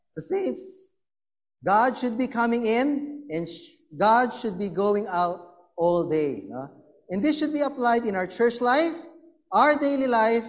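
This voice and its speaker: A middle-aged Filipino man with a high voice and a Filipino accent, preaching in a conversational way. He tells stories, acts out the voices of the people in them, and keeps checking in with the congregation with "no?". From Philippines. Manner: anecdotal, keeps adding "no?" and acting out quoted voices. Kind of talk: sermon.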